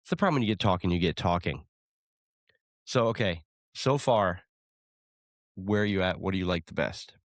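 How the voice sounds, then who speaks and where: A man co-hosting a casual chat show, teasing and retelling a story with animated energy. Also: sits low, moderate pace, pauses often, no room sound, studio quality. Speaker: podcast co-host.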